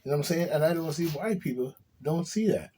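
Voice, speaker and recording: Mellow-voiced rambling man. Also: fairly high pitch, animated, quick pace, slight background noise. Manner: rambling, conspiratorial. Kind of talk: commentary.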